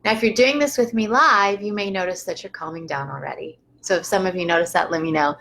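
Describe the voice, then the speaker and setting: Woman, yoga teacher, live-streamed breathing lesson, calm and unhurried, soft laughs, slight vocal fry. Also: fairly low pitch, slight background noise, low-quality recording.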